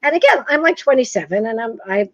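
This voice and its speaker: 60s woman from massachusetts telling funny stories, high-ish voice, dull dry sound. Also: fast, no room sound. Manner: animated, self-deprecating, acts out quotes. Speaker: author and guest. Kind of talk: casual interview storytelling.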